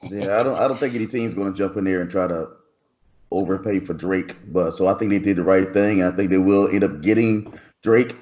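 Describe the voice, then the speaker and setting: A man co-hosts a casual sports podcast and chimes in with dry, joking asides. His voice sits fairly low. The recording is dull and lo-fi. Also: steady tone, brisk, darkish tone. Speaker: podcast co-host.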